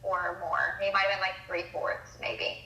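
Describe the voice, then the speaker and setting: Female guest from Ohio, bright edgy tone, quick chatty replies, echoey room. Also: medium pitch, little pitch movement. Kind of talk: casual chat. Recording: roomy echo.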